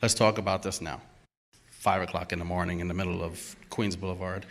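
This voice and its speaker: A man telling a true story at a live storytelling event, animated and emphatic, acting out the dialogue as he goes. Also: deep voice, brisk.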